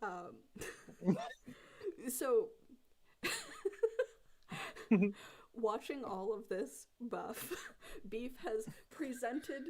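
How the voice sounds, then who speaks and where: A woman's voice: fairly high pitch, very slow, long pauses, warm tone. A woman running a tabletop game as game master, laughing often through her narration.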